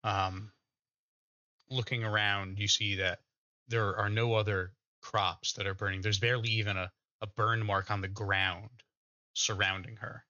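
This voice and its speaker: A man narrating as game master of a tabletop game, pausing often with fillers. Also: on the low side, little pitch movement, pushed and bright, dry recording. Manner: hesitant, many filler pauses. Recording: dull lo-fi mic.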